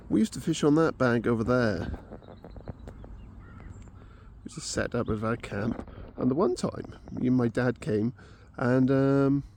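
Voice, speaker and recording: A man's voice: medium pitch, warm tone. A man vlogging outdoors at a lake, rambling casually between jokes and fishing talk. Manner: rambling, joke-telling, chatty. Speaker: angling vlogger. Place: lakeside, outdoors. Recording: outdoor recording with clear background noise.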